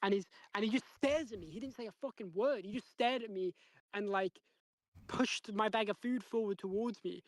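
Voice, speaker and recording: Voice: medium pitch, moderate pace, dry recording. Northern english accent, rambly casual streamer chat, lots of filler, dry close sound. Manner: rambling, filler-heavy, animated retelling.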